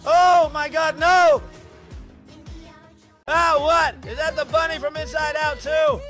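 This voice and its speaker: A man reacting to short videos, talking to his viewers in an excitable, shouty way full of exclamations. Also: very high-pitched, slow pace, faint music behind.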